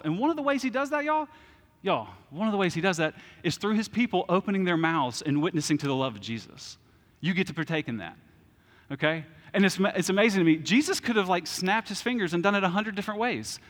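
A man with a fairly high voice preaches a sermon that sounds like a conversation, plain-spoken and self-deprecating, often pausing to ask "okay?". His voice carries a long reverb, as if from a large church hall. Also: a bit bright. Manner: informal and plain-spoken, with frequent "okay?" check-ins and self-deprecating humor. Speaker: pastor.

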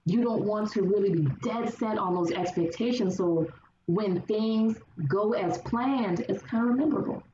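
A woman guest in casual conversation, telling her stories lively and acting out the people she quotes. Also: mid-range voice, normal speed. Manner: animated storyteller acting out quoted voices. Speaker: podcast guest. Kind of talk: casual chat. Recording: roomy, distant, dull sound with faint hiss.

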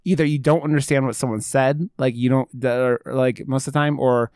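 A man's voice: mid-range voice, fairly even intonation, a little fast, a little mellow, clean tone, dry recording, studio quality. Rambling, cursing American man. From United States. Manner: rambling, profane, full of fillers. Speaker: podcast co-host. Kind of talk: casual chat.

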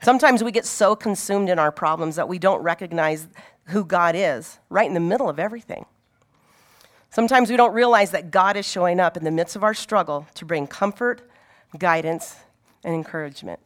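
A woman's voice: fairly low pitch, a little fast. A woman giving an informal Bible teaching in a conversational way, often asking her listeners rhetorical questions.

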